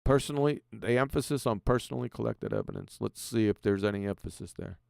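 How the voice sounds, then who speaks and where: A man's voice: fairly low pitch, quick pace, gravelly, darkish tone, clear, resonant tone, no room sound, studio quality. A man hosting a commentary stream, mocking a clip he plays with sarcasm and swearing. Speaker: host reacting to a video.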